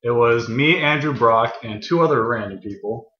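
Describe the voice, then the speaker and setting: A man's voice: mid-range voice, normal speed, reverberant, highs cut off. A young man from Texas telling a story in casual podcast chat, rambling and correcting himself as he goes. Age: young adult. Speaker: podcast co-host.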